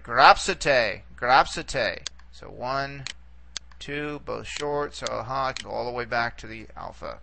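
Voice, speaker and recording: A man's voice: mid-range voice, vocal fry, pushed and bright, slight background noise. A man teaching a recorded lesson, explaining patiently and checking in often with "okay". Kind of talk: recorded lecture.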